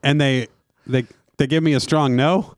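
A man's voice: medium pitch, fairly even intonation, moderate pace, no room sound, studio quality. A man co-hosting a comedy podcast, musing in a wry, casual way. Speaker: podcast co-host.

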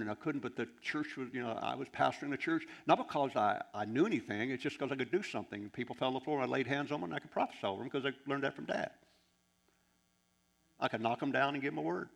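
A man in his sixties, a preacher, telling anecdotes in an animated, rambling way with many restarts. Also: mid-range voice, gravelly. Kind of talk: anecdotal sermon storytelling.

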